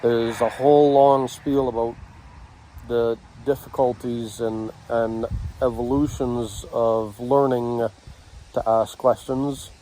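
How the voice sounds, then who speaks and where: A man teaching communication techniques, speaking in short halting phrases with pauses between them. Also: mid-range voice, fairly even intonation, mellow, a little hiss or hum, low-quality recording. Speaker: communication instructor. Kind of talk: slow instructional talk.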